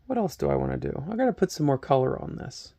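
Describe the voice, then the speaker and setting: A man's voice: mid-range voice, huge pitch swings, quick pace, gravelly, dark tone. A man hosting a laid-back painting tutorial, chatting and joking about himself as he thinks aloud close to the camera microphone. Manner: chatty, self-mocking, thinks aloud while working. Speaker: hobby painting channel host. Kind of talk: relaxed painting tutorial talk. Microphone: camera microphone close to his face.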